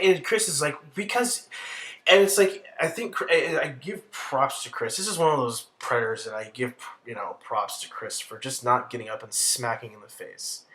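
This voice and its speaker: A man's voice: mid-range voice, pushed and bright. A man giving a rambling, profane, exasperated commentary rant. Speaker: commentary vlogger. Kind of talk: casual ranting commentary.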